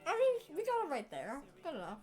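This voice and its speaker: A woman co-hosting a livestream in casual chat, giggly and animated. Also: very high-pitched, a little fast, soft background music. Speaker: co-streamer.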